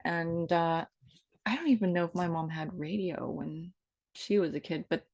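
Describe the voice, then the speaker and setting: This vlogger, a woman in her fifties, speaks at a moderate pace in a fairly low, creaky voice with a darkish tone. Her improvised monologue rambles from one thought to the next, playful and self-deprecating.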